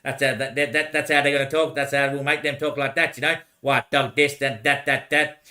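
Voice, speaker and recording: A young man rambling in casual talk, swearing, laughing often and repeating short phrases over and over before trailing off into quiet mutters. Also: medium pitch, fairly even intonation, fairly quick.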